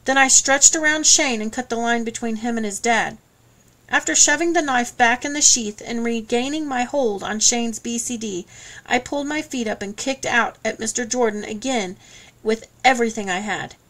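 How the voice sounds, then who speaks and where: A woman reading an audiobook in first person, steady and measured. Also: a little high. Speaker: audiobook narrator. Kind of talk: scripted first-person narration.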